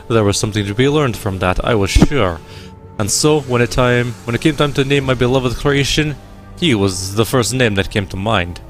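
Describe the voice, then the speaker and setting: A man voicing a polite, cultured male drone engineer in a video game, speaking in a measured, formal way. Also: mid-range voice, close to an everyday voice.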